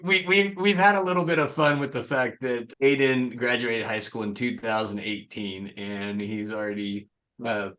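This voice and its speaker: A man's voice: mid-range voice, fairly even intonation, normal speed, a bit bright. A man co-hosting a podcast, chatting casually and teasing playfully. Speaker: podcast co-host.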